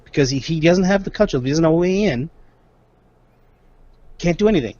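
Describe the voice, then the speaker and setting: A man's voice: fairly high pitch, animated, a little fast, darkish tone, no echo. Man at a tabletop game, muffled sound. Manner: easygoing, laughs at himself. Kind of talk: casual tabletop game chat.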